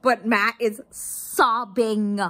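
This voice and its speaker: Female host, high and breathy, emotional live reaction, light music bed. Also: steady tone, extremely slow, fairly bright tone.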